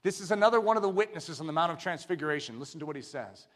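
A man preaching a sermon, swinging from quiet, probing questions to drawn-out shouted proclamation. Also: a little high, expressive.

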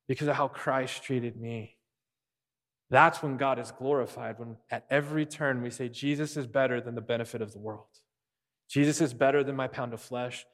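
A pastor preaches a sermon in a church sanctuary, earnestly repeating key phrases for emphasis. His medium-pitched voice has fairly even intonation and a moderate pace, and the large hall gives it a long reverb.

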